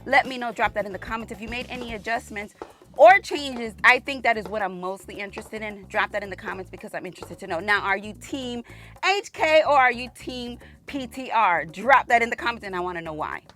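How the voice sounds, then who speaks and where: Soft music plays faintly as a woman with a slightly high, fairly bright voice speaks a little fast. She hosts a relaxed shooting range vlog outside, exclaiming and chatting, calling viewers "y'all," and is mildly breathless from the humid heat.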